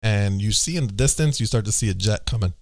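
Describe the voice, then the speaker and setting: A man hosts a casual podcast chat. His voice sits a little low, and the sound is dry and close. He rambles and restarts often. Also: lively intonation, quick pace, no room sound. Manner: loose, rambling talk full of restarts. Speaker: podcast host.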